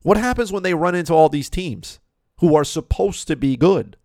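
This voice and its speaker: Man, sports-talk ranter, gravelly voice, dry close mic, emphatic and repetitive. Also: a little high, expressive, normal speed, a little mellow, dry recording. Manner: emphatic, repeats points, rhetorical questions. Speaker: hockey commentator. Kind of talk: opinionated sports talk monologue.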